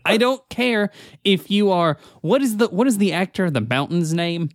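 A man's voice: high voice, lively intonation, moderate pace, no room sound, clean studio sound. A man co-hosting a podcast in casual chat, explaining points with emphasis. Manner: emphatic explaining, addresses co-host by name. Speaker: podcast co-host.

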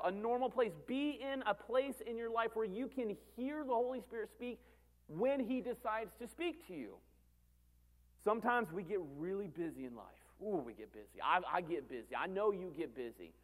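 A man in his thirties, a pastor preaching a sermon in an earnest way, repeating phrases for emphasis and swinging between loud and soft. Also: high-pitched.

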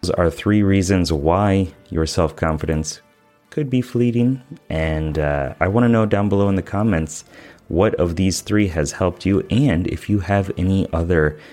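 A man giving a self-help podcast talk as a life coach. His voice is extremely low, and his delivery is earnest and loose, full of fillers, with faint music underneath. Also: measured pace, mellow. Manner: earnest and casual, with many fillers.

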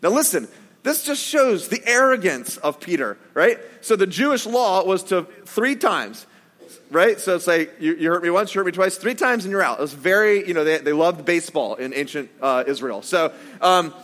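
A male pastor with a high-pitched voice gives a relaxed, joking sermon, acting out quotes as he goes. His voice rings with the long reverb of a church hall. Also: brisk. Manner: conversational, joking asides, acts out quotes. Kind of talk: casual sermon.

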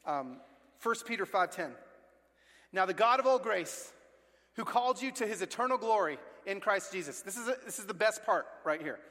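A man in his forties preaching a sermon as pastor, telling family stories with lively acted-out voices. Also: high-pitched, normal speed. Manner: animated storytelling, acting out family voices. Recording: long reverb of a large hall.

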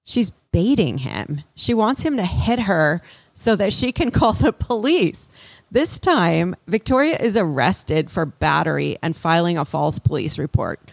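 Low-voiced woman co-hosting a true-crime chat. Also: lively intonation, unhurried, creaky, no room sound. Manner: reacting and asking questions, conversational. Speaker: podcast co-host.

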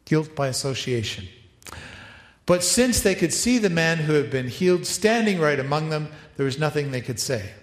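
A man preaching a sermon, animated, acting out quoted voices and making asides to helpers. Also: on the high side, moderate pace. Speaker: pastor. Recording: echoey hall, reverberant.

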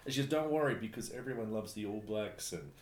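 A man from New Zealand telling travel stories in casual chat, animated and laughing often. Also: lowish voice, fast. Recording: echoey room, faint background noise.

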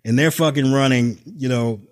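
A man's voice: mid-range voice, moderate pace, darkish tone. A man co-hosting a podcast over a video call, talking in a casual, profane, sarcastic way and laughing often. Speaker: podcast co-host. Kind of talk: casual political chat.

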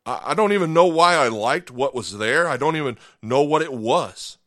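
A man's voice: a little high, expressive, normal speed, a bit bright, no room sound, clean studio sound. A man preaching a sermon as pastor, telling a personal story earnestly and acting out the inner voices of his listeners.

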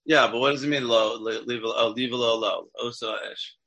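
A man's voice: mid-range voice, steady tone, a little fast, sharp tone, slight background noise. A man teaching a text class as a rabbi, asking his students questions and checking in with them often. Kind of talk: interactive Torah class.

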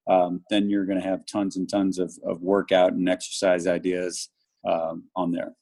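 Low-voiced man with lots of fillers. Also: completely flat delivery, normal speed, creaky, darkish tone. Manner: promotional, filler-heavy. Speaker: guest, fitness author. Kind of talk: podcast interview.

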